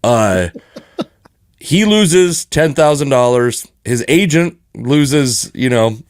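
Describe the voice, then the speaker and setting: A man's voice: medium pitch, lively intonation, slow, dry recording, studio quality. A man co-hosting a sports podcast, rambling and joking in casual chat, often restarting his sentences. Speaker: podcast co-host.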